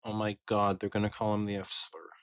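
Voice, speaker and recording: Deep-voiced man with dry quips. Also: monotone, brisk, no room sound. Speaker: podcast co-host. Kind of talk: casual chat.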